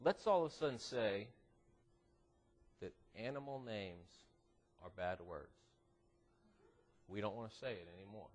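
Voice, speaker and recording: A man giving a youth devotional at church in an animated, joking way, teasing the teenagers in front of him. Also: on the low side, unhurried, long pauses. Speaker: youth minister. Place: church classroom.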